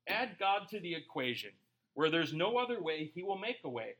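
A man preaching a sermon as a pastor, joking and talking to the congregation in a casual, animated way. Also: a little high, normal speed.

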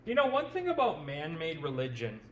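A man's voice: a little high, wildly swooping pitch, a little fast, a bit bright, slight background noise. A man with a Midwestern accent preaching a sermon as pastor, conversational, often repeating words as he thinks aloud and adding joking asides.

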